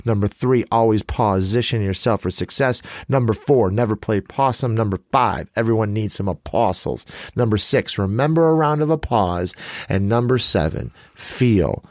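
A man's voice: fairly low pitch, moderate pace, a little mellow, no echo, studio quality. A man in his forties from the Chicago suburbs, co-hosting a podcast in a rambling, self-mocking way. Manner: rambling, restarts often, laughs at himself. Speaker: podcast co-host. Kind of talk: casual podcast chat.

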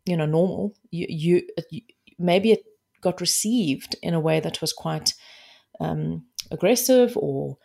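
South african lady coach, straight talking, lowish voice, chatty podcast. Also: measured pace, gravelly, warm tone. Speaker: life and relationships coach. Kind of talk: casual podcast interview.

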